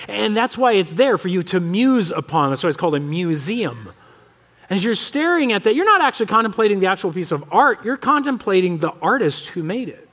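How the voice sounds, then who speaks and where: Animated American pastor, high voice. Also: male voice. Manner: conversational, animated, acts out quoted voices. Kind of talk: sermon. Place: church sanctuary.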